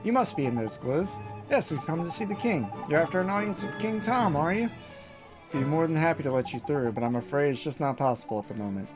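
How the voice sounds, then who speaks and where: A man's voice: on the high side, lively intonation, brisk, music in the background, lightly acted, poor audio. A man doing a polite palace gatekeeper. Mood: apologetic. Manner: formal, explanatory.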